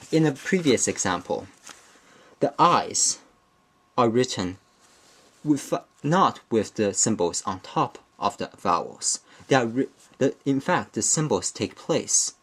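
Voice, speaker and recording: A man teaching a beginner language lesson, explaining step by step in a deliberate, methodical way and often restating or correcting himself mid-phrase. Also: on the low side, animated. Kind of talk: slow explanatory lesson narration.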